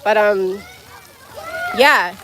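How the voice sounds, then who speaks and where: Livestreaming outdoors at a splash pad, a mother tells a frank, emotional story, swearing freely and breaking off to talk to her child. Her mid-range voice draws out words against a noisy background.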